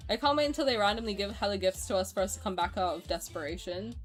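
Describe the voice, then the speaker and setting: This is a woman streamer in casual conversation with her chat. She is excitable and swears freely, and she laughs easily. Her voice sits in an ordinary middle pitch, with faint music running underneath. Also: quick pace. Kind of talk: casual live-stream chat, reacting to viewer comments.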